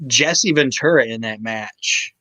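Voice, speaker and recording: A man co-hosting a casual podcast chat, excited and swearing freely as he talks. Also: mid-range voice, no room sound. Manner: excited, swears freely, quotes others in quick put-on voices. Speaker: podcast co-host.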